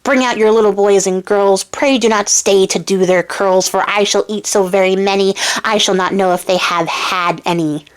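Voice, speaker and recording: A woman voicing a huge, bullying male ogre who taunts his foe, without a deep voice. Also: fairly even intonation, normal speed, hardly any pauses, clean tone, lightly acted, low-quality recording. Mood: chanting.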